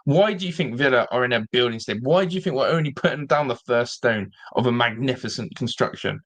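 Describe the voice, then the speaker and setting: Exasperated football fan ranting. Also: male voice, mid-range voice, brisk. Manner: exasperated, repeats himself, mocking. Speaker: fan channel host. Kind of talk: live-streamed football fan rant.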